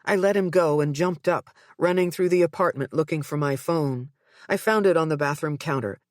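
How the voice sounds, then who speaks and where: A woman narrating a psychological thriller audiobook in the first person, with tense, measured storytelling. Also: low-pitched, no room sound, studio quality.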